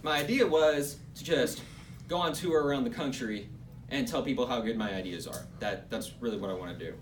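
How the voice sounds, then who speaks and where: A young man playing a bumbling, self-satisfied president in an amateur comedy skit, halting and stumbling over his words, giggly. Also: mid-range voice, far from the mic, close to an everyday voice. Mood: smug. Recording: noisy amateur recording.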